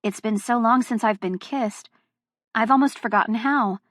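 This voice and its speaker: A woman's voice: a little high, normal speed, no room sound, studio quality. A woman narrating a first-person audiobook, with a heated, emotionally charged delivery.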